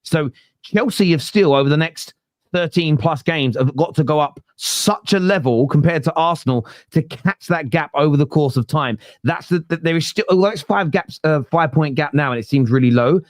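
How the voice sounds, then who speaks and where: A man's voice: a little high, moderate pace, dry recording, studio quality. A man, hosting a casual football debate podcast, blunt and talking through stats. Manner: blunt, animated, quotes stats.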